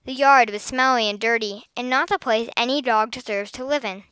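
Bright, crisp woman narrating a story. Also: fairly high pitch, brisk, dry recording, poor audio. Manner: expressive, lively storytelling. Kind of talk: children's story reading.

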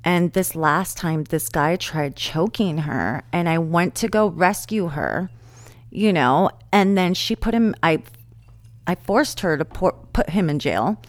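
A woman's voice: fairly low pitch, measured pace, dry recording. A woman hosting a casual conversation, telling stories animatedly and acting out what others said. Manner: animated storytelling, acts out quotes. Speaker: host.

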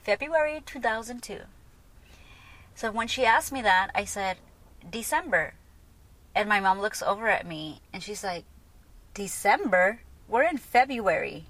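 A woman in her thirties tells her own story on her podcast, frank and conversational, with fillers scattered through her talk. Her voice sits at an ordinary middle pitch for a woman. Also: moderate pace, a bit bright. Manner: candid, chatty, full of "like" and "you know". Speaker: podcast host. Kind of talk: personal storytelling monologue.

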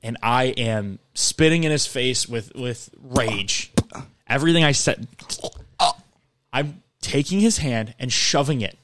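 A man's voice: medium pitch, measured pace. A man co-hosting a podcast, telling a comic story in casual banter with mock-tough quoted lines. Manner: animated storytelling with acted quotes. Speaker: podcast co-host.

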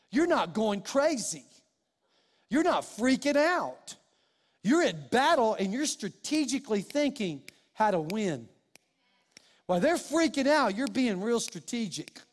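A man preaches a sermon. He talks like he's chatting, sinking low and slow, then pushing up loud. His voice rings out with the long reverb of a big hall. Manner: conversational, swings from quiet and slow to loud and emphatic.

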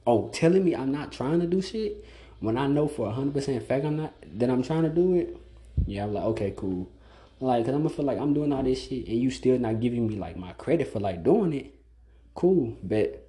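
A man's voice: medium pitch, animated, a little fast, warm tone. A man hosting a casual solo podcast monologue, blunt and profane, filling every phrase with "like.". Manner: blunt, profane, repeats "like" constantly. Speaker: podcast host.

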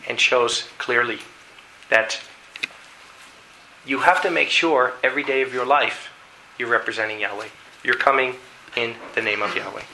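A man preaching a sermon, telling a dramatic story in an animated way and reading scripture aloud. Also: mid-range voice, gravelly, a little hiss or hum, poor audio. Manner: animated storytelling, acting out voices.

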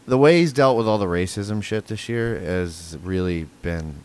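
Animated, swearing football-fan man. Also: on the low side, moderate pace, a little hiss or hum. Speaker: podcast co-host. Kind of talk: casual football fan chat.

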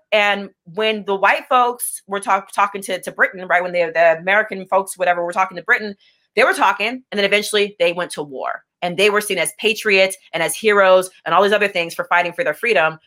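A woman's voice: mid-range voice, sharp tone. A young adult woman as an interview guest, speaking candidly with blunt intensity and frequent restarts. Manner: impassioned, blunt, repeats words when starting sentences. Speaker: interview guest, business owner.

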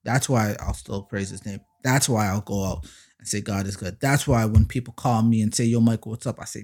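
A man hosting his own faith podcast, talking casually but preaching hard. He uses slang and fillers, and he swells louder and slower on lines of praise. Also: lowish voice. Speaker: podcast host. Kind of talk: faith-based podcast monologue.

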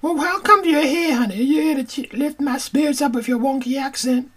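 A woman's voice: high voice, a little fast, fairly bright tone. A woman voicing a chatty older grandmother in a comedy audio drama, who rambles theatrically and calls everyone "honey child". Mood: wistful. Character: chatty older grandmother who brags about royal encounters.

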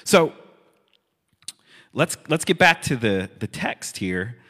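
A male pastor preaching in an easy, conversational manner, dropping amused asides between readings. His voice sits at an ordinary middle pitch and carries a long reverb, as if in a church hall. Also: very animated, takes it slowly, bright, forceful tone. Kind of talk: sermon.

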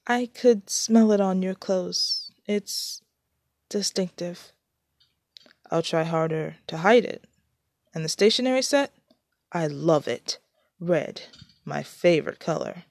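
A hearty, genial older man teases his guests with easy humor, as a woman reading the story puts him on. His voice sits low and even, and it is recorded close and dry. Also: takes it slowly, gravelly, long pauses, dry recording, heavily acted. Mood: teasing.

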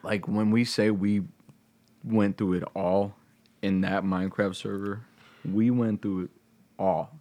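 A man's voice: on the low side, flat delivery, unhurried, long pauses, dark tone. A young man chatting casually in a laid-back, slangy way. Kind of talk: casual chat.

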